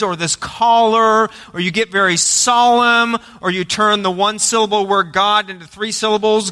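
A man's voice: high voice, sharp tone. A man preaching a sermon to his congregation as pastor, asking them to repeat lines back and rising to emphatic moments. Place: church sanctuary. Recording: long hall reverb.

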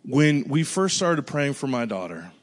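A man preaching a sermon, speaking casually and earnestly, dropping to a hushed voice when he recalls his prayers. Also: a little slow. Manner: bursts of excited high-pitched exclamation. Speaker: pastor. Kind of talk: storytelling sermon.

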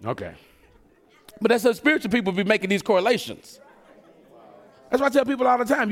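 Male preacher, high-pitched and expressive, casual joking sermon delivery. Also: fairly quick, long pauses. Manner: conversational, joking preaching with acted asides.

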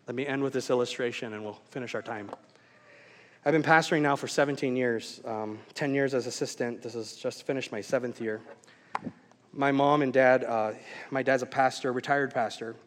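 A man's voice: medium pitch, steady tone, moderate pace. Earnest preaching man in a reverberant hall. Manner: earnest, preacherly, with rhetorical questions. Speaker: pastor. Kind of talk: sermon.

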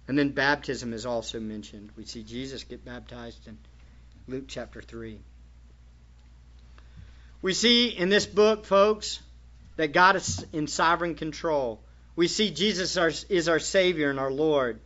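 A man's voice: a little high, measured pace, a bit bright. A man preaching a sermon as pastor, emphatic and full of rhetorical questions to his congregation. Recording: dull lo-fi church recording.

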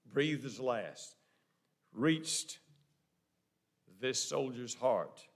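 A man preaches a sermon in a slightly high voice with lively intonation, speaking slowly. He drops to hushed tones, then rises to loud, emphatic exclamations, repeating himself a lot.

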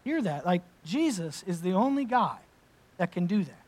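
A man's voice: high voice, big pitch swings, moderate pace, darkish tone. A man preaching a sermon, reading scripture and then explaining it in an emphatic, conversational way with casual asides. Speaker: pastor.

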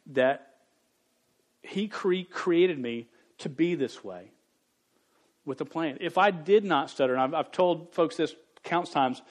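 A man in his forties preaching a sermon to youth, earnest and candid, speaking with a stutter that repeats syllables. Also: fairly high pitch. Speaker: youth pastor.

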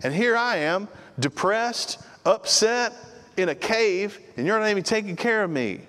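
A man's voice: high voice, expressive, measured pace, a bit bright, voice pushed up. A man putting on a distraught, whining prophet. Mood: distraught complaining. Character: distraught whining male prophet, self-pitying. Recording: long reverb of a large hall.

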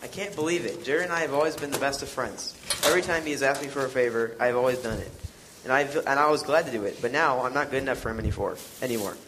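A man's voice: medium pitch, fast talker, noisy background, natural voice. A man playing an indignant, whiny teenage son in a church skit.

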